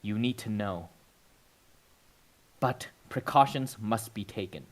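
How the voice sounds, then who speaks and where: Male GM voicing a solemn female superhero leader, calm, measured delivery. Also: on the low side.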